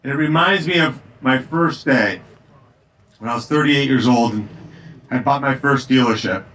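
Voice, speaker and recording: A man giving a campaign stump speech in a tavern, telling anecdotes in an emphatic, energetic way. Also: mid-range voice, normal speed, recorded from a distance, lo-fi sound. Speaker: political candidate. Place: tavern, indoors.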